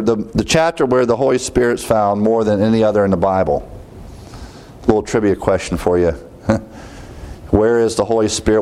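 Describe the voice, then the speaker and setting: A man with a fairly low voice delivers a conversational teaching sermon. He runs through lists of words and numbers, lifting his voice to stress the key terms, and tosses light jokes to his listeners. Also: darkish tone, smooth. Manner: conversational, lists word counts, emphatic rises on key words. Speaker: pastor teaching a Bible study.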